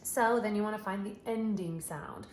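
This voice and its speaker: A woman teacher guiding parents through a tutorial, patient, slowly stretching out letter sounds. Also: mid-range voice, reverberant, a little hiss or hum. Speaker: kindergarten teacher.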